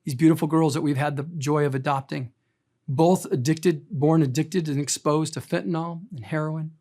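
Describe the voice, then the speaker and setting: A middle-aged pastor preaches a sermon to his church congregation in a dark voice on the high side, with fairly even intonation and a moderate pace. He shares personal stories with emphatic, heartfelt delivery, hitting key words hard.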